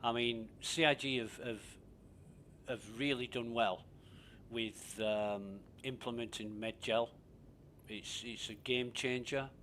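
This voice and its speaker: A man's voice: medium pitch, fairly even intonation, takes it slowly, fairly bright tone, slight background noise. A man giving rambling, profane casual commentary while playing a game. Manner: rambling, profane, laughs easily. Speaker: gaming streamer.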